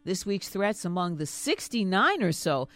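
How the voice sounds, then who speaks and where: A woman's voice: medium pitch, sing-song, fairly bright tone. A woman who reads the news on a morning radio show, greeting the hosts in a friendly way before she reads. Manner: brisk friendly greeting then reading. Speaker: news reader.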